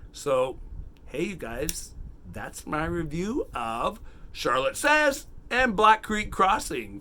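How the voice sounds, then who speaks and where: A man hosting a casual, unedited book review, chatty and animated, acting out bits of the story in quick quotes. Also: medium pitch, slight background noise. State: has the hiccups. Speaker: book review channel host.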